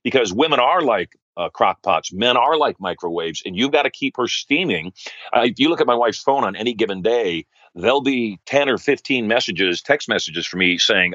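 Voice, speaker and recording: Man, middle-aged, low voice, animated storyteller, dry slightly dull sound. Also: normal speed, no room sound. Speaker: guest, wealth coach. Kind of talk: storytelling interview answers.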